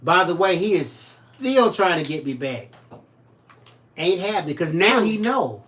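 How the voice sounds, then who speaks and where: High-pitched and measured in pace, this man co-hosts a crafting livestream from home. Reading out viewers' comments, he jokes, teases, and tells stories with lots of animation.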